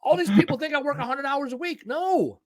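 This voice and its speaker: A man's voice: very high-pitched, fairly quick. A man hosting a podcast in casual chat, talking in an emphatic, folksy way and swearing freely. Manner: animated, emphatic, folksy and profane. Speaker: podcast host.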